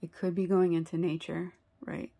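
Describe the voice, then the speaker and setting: Woman tarot reader, earnest and sympathetic; low, gravelly voice. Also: flat delivery, normal speed, warm tone. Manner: earnest and sympathetic, many fillers and rhetorical "right?". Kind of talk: tarot reading video.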